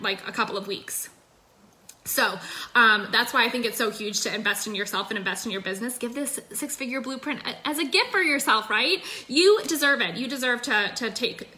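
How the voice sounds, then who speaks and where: A young adult woman with a high-leaning, bright voice and a forceful tone talks into her phone. It's a chatty, upbeat sales coaching session in the style of a casual livestream, packed with filler words.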